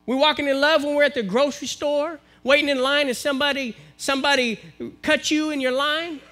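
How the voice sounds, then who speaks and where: A man with an American accent preaching a sermon to his congregation, building to forceful exhortation. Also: very high voice, fairly even intonation, fairly quick. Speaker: minister. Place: church, live-streamed service.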